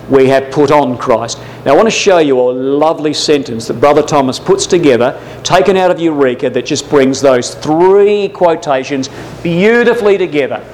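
Male Bible class preacher, high-pitched, fervent, heavy on rhetorical questions. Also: darkish tone, slight background noise, poor audio. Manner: addresses listeners as brothers and sisters.

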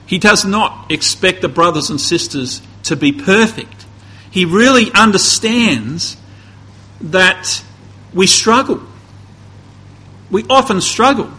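A man delivers a sermon conversationally, frequently restarting phrases before climbing to emphatic peaks. His voice is a little high for a man, bright and forward with a slightly husky edge, and the audio is poor.

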